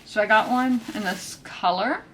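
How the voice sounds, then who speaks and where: A woman's voice: medium pitch, moderate pace, slight background noise. A woman, a bit out of breath, chatting and rambling casually in a book vlog. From South Carolina. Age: 20s. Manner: chatty and rambling, full of fillers. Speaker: book vlogger. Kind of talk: casual chat.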